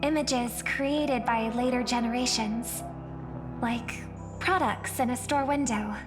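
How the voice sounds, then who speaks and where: A composed young heroine in a fantasy game. Her voice sits a touch high and her delivery stays measured and thoughtful. Game music plays clearly beneath her lines. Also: fairly even intonation. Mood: reflective. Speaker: game character.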